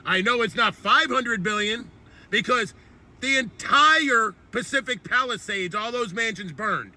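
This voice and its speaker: A man's voice: extremely high pitch, unhurried, pushed and bright. A man hosting an online commentary channel, delivering a heated, profane political rant.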